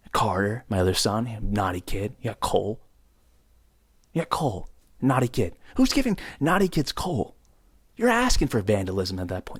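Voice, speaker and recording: Lively, mock-outraged young man ranting. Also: mid-range voice, brisk, breathy edge, no echo, studio quality. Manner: mock-outraged, joking, rambling asides. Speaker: podcast host. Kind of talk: solo comedic podcast rant. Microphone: close podcast mic.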